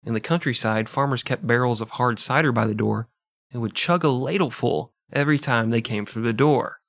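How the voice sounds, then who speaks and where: Man, from the Midwest, deadpan, crude, podcast storyteller, mid pitch, dry mic. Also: brisk, dry recording. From American Midwest. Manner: deadpan, crude absurd tangents. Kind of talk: casual comedic history podcast.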